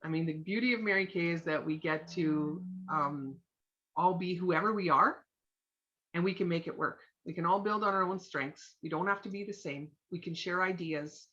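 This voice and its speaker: Bright-voiced woman coaching a group. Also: lowish voice, normal speed. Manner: chatty, encouraging, acts out little scenes. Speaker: sales team trainer. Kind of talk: live motivational coaching talk. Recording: muffled lo-fi room sound.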